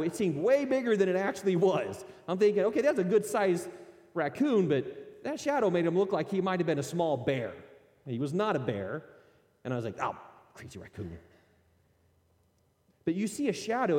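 Animated male preacher in a reverberant hall. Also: high-pitched. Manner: animated storytelling with voiced asides and self-deprecating humor. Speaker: pastor. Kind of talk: sermon. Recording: long reverb of a large hall.

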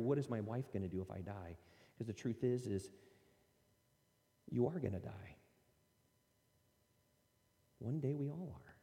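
A man preaching a sermon as pastor, earnest and animated, swinging between emphatic highs and quiet, hushed asides. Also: long reverb tail.

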